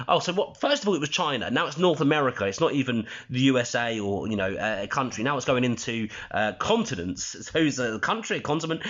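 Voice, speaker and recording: Male host, indignant and sarcastic; pitch swings widely; dull lo-fi recording. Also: very animated, quick pace, fairly bright tone. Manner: indignant and mocking, reading aloud with scornful asides. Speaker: channel host. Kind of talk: commentary on a document. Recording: dull lo-fi audio.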